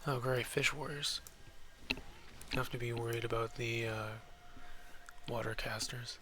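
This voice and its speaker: A man's voice: mid-range voice, steady tone, a little slow, sharp tone, slight background noise. A young man giving casual let's-play commentary at a desk mic, rambling and muttering asides as he plays. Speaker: gaming YouTuber.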